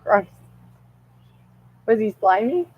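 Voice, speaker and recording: A young woman vlogging outdoors, telling a rambling story in a casual, profane, animated way and laughing often. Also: mid-range voice, takes it slowly, highs cut off, slight background noise.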